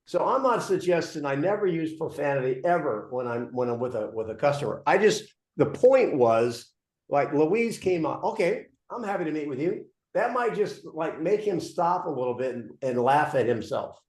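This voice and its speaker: Guy coaching real estate agents, animated storyteller, slightly high voice, roomy echo. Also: normal speed. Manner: animated storyteller, lots of restarts. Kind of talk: training workshop coaching.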